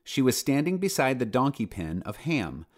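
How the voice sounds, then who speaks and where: A man's voice: mid-range voice, normal speed. A man narrating a children's storybook with playful asides to the listener. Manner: lively storyteller, playful asides, does character voices. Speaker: audiobook narrator.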